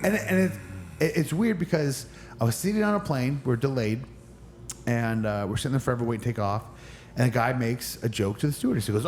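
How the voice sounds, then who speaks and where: Fast-talking man with an injured knee. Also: mid-range voice, animated, darkish tone, slight background noise. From Northern California. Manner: rambling storyteller with many restarts. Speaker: professional wrestler guest. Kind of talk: casual podcast interview.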